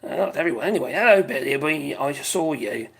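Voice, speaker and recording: Gravelly, husky British man chatting live. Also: fairly high pitch, animated, brisk, fairly bright tone. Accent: British English. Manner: rambling, chatty, laughs often, reads out viewers' chat. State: voice going hoarse. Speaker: live stream host. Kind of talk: casual live-stream chat.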